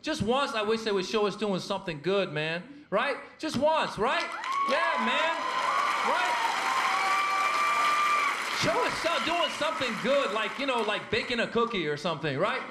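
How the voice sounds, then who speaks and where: A man performing stand-up in a punchy way, pushing into bursts of emphasis. His voice is pitched high for a man. The clip is an echoey club recording with loud noise behind him. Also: big pitch swings, normal speed, a loud crowd. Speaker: stand-up comedian. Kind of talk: stand-up routine on stage.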